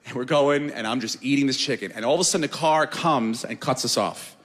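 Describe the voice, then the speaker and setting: A man telling a comic story on a podcast in an animated, profane, self-mocking way. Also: medium pitch, fairly quick, long reverb tail.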